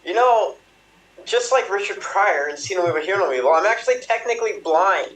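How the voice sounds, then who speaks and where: A man playing a goofy, flirtatious space engineer in an improvised comedy scene, rambling and giggly with low crooning asides. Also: expressive, fairly quick, a bit bright. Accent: put-on Bulgarian. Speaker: improv performer. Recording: roomy, picked up from a distance.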